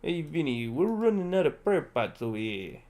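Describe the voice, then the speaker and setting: A man putting on the voice of a gruff middle-aged Italian-American mobster, calling out in a thick mob-movie drawl. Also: medium pitch, lively intonation, slow pace.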